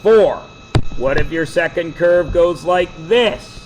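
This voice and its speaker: High-voiced man teaching a math class. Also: noisy background. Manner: jokey, quizzing students with quick questions. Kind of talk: classroom lecture.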